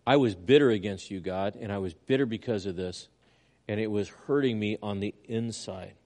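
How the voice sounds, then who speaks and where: Older man preaching with swings in loudness. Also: on the low side, normal speed. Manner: earnest preaching that swings from loud emphasis to quiet asides. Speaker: pastor. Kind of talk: sermon.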